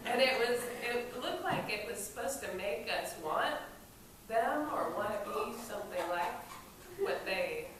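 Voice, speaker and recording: Woman, casual storytelling, slow delivery, lively and profane, distant mic, echoey room. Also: fairly high pitch. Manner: lively, swearing, laughing as she tells it. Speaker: storyteller at a memorial event. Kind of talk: casual spoken anecdote. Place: event space during a film screening. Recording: echoey room from far off, noisy.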